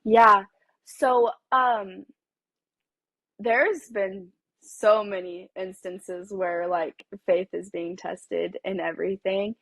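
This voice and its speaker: Young woman, podcast guest, animated storytelling, mid pitch, dry mic. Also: slow pace, no echo. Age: young adult. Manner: animated, acts out quoted dialogue, laughs often. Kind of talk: storytelling in casual chat.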